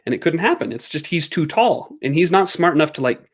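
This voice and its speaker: A man hosting a livestream from home, chatting casually through a story. His voice sits a little high, and he laughs often and slips into squeaky voices for his dogs. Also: animated, fairly quick. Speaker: livestream host.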